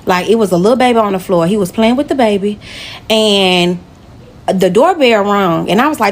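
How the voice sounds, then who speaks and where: A woman's voice: medium pitch, moderate pace. A woman telling a personal story to her camera in a casual, emotional way, speaking straight to her viewers.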